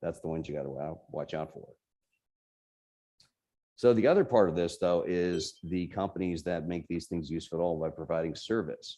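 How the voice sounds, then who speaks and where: A man's voice: sits low, moderate pace, mellow. A man with a New Jersey accent giving an informal, explanatory talk on tech policy to a user group meeting. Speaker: guest presenter at a computer user group meeting.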